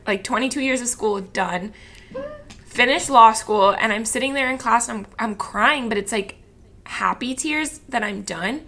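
A woman in her twenties from Florida opens up as a guest in a candid podcast chat. Her voice is bright and clear, and she rambles emotionally, peppering every thought with "like.". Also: a little high, unhurried. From Florida, USA. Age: 20s. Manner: rambling and emotional, heavy use of "like".

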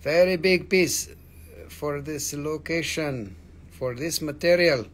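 Selling crystals on a live stream, a man chats casually, joking and rambling with plenty of swearing. His voice is fairly high and he takes it slowly, with slight background noise behind him.

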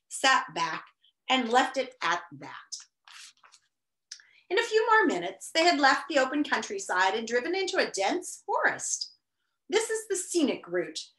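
A woman teacher reading a novel aloud to students, expressive, with chatty asides. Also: a little high. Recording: roomy echo.

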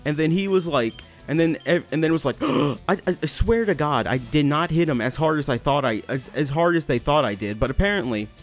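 A man's voice: a little high, lively intonation, brisk, hardly any pauses, faint music behind. A young man commentating his gameplay, telling a story in a rambling, swearing way with many restarts. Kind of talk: casual storytelling over gameplay.

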